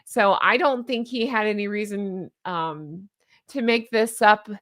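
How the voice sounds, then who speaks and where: A woman's voice: mid-range voice, a little slow, a bit bright. A woman hosting a casual commentary vlog, chatty and amused, laughing often and tossing in rhetorical questions and asides. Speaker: YouTube commentary host.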